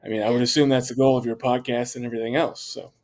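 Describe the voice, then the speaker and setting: Man talking through a business pitch. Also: level tone, fast talker, a little mellow. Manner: conversational, with frequent fillers and restarts; confident pitch for his business. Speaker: franchise owner, podcast guest. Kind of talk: candid interview talk.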